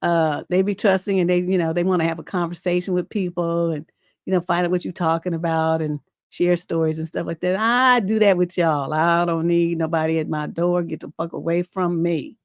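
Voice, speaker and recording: A middle-aged woman hosting a relationship advice livestream, a relationship coach by trade, speaks a little fast in a low voice with fairly even intonation. Her style is blunt, profane, and rambling, packed with fillers, and she reads viewer letters aloud. The clean studio sound has no echo.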